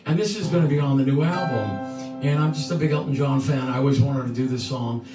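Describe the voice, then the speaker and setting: A man's voice: mid-range voice, fast, mellow. A man in his sixties, from the New York area, chatting loosely between songs with a rambling, repetitive manner. His voice carries a lot of room echo and sits a little off the mic. Instruments sound in the background. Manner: rambling, repeats words, laughs through stories. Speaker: singer and co-host. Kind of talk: casual storytelling between songs. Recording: echoey room, mic from a distance, music behind.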